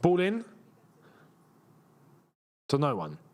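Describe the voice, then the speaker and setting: A young man from England hosts a live football watchalong, chatting with viewers in between the action. His voice sits a little high and swings lively in pitch. He yelps and cheers at every attack. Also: drawn-out words. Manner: excitable, reacts loudly to play, chatty with viewers. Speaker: football channel host. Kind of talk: live watchalong commentary and chat.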